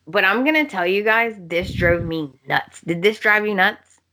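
A woman's voice: mid-range voice, normal speed, bright, forceful tone. A woman co-hosting a podcast, animatedly recapping soap opera scenes, laughing often and acting out characters' lines. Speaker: podcast co-host.

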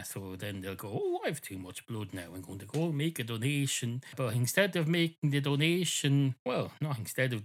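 Comic monologue: man doing a ranting, self-interrupting, sweary male dog, mid-pitched. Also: close to an everyday voice. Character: indignant talking male dog, ranting and aggrieved.

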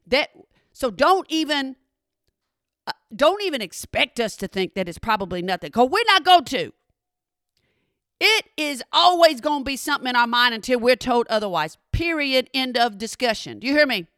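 A middle-aged woman with a high, bright voice tells a personal story to her followers. She is dramatic and animated, and she addresses her listeners directly. The sound is dry and close. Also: normal speed, no echo. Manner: animated, dramatic, talks straight to the audience.

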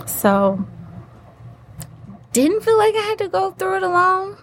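A woman's voice: extremely high pitch, sing-song, takes it slowly, vocal fry, long pauses. A woman guest telling a personal story in an interview, earnest and acting out the voices she quotes. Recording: faint background noise.

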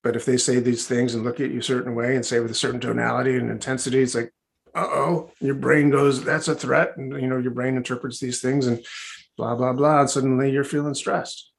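A man's voice: mid-range voice, level tone, fast talker, vocal fry. A man working as a hypnotherapist, answering interview questions in a chatty, rambling way with many restarts and asides, over a video call.

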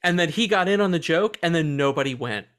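A man co-hosting a casual movie podcast, excitable, swearing freely and laughing often as he talks. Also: a little high, quick pace. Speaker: podcast co-host.

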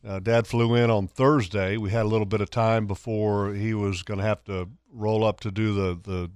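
A man's voice: on the low side, little pitch movement, normal speed, darkish tone, smooth, no echo, studio quality. A man hosting an outdoors talk radio show, chatting casually and reading sponsor spots and a marine forecast.

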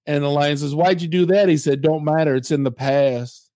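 A man voicing a calm, folksy Southern grandfather who sells for a living, telling a story very slowly. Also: on the high side, no echo, clean studio sound, voice pushed up, close to an everyday voice. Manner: drawn-out slow storytelling.

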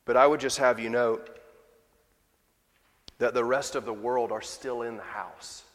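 Conversational pastor in a reverberant church. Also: male voice, mid-range voice, steady tone, a little slow, a bit bright. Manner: conversational, with rhetorical questions. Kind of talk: sermon. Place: church sanctuary.

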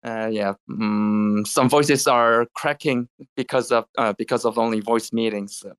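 Halting non-native man, slow and smooth. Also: fairly low pitch, steady tone, fairly bright tone. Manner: halting non-native English, many restarts and "uh"s. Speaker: guest developer. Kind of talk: casual audio chat interview. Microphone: online audio chat room.

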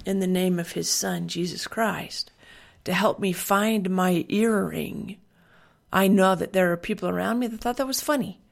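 A woman's voice: mid-range voice, vocal fry. A woman and parent giving an earnest Christian devotional talk, building her points by repeating phrases.

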